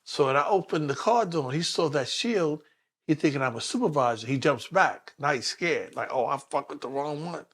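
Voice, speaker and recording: A man's voice: fairly high pitch, normal speed. A middle-aged man, a police detective telling a story in an interview and acting out the voices of the people in it. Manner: animated, acts out the voices of people in his story.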